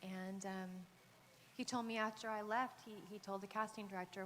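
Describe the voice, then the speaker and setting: A woman from Texas tells a story on a convention panel, pausing on fillers and starting over. Her mid-range voice rings out in a large echoey hall. A faint hum of noise sits underneath. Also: mid-range voice, steady tone, a bit bright. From Texas, USA. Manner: hesitant, lots of fillers and restarts, laughs often. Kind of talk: casual anecdote.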